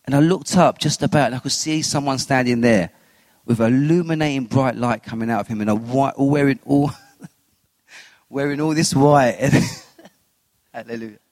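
A man giving a personal faith testimony as an interview guest, telling his story with animated retellings of what he said and thought. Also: mid-range voice, moderate pace, pauses often, no echo, big-room sound. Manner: animated storyteller who acts out his own quotes.

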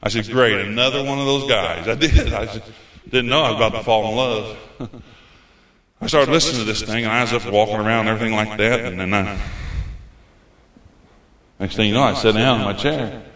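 Male pastor, folksy storytelling sermon; bright, forceful voice in a reverberant church. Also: fairly low pitch, brisk. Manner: folksy storytelling preacher, acts out his own past words. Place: church sanctuary. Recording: echoey church hall.

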